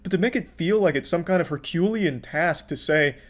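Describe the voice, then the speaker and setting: Exasperated and sarcastic, this commentary YouTuber swears freely while tearing into what he has watched. His male voice is a little high and a little fast.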